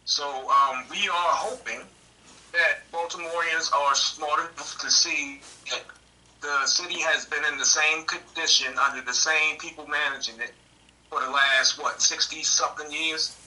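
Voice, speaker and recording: A man's voice: a little high, fairly even intonation, measured pace, bright, forceful tone, distant mic, rough recording. A man speaking as a campaign manager on a political podcast, earnest, often repeating and restarting his words.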